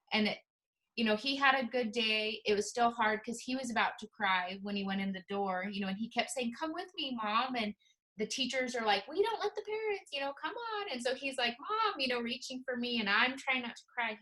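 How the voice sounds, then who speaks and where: A woman's voice: medium pitch, bright, forceful tone, low-quality recording. A woman in her thirties with an American accent, a dental hygienist telling emotional stories in a casual interview. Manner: rambling, emotional storytelling.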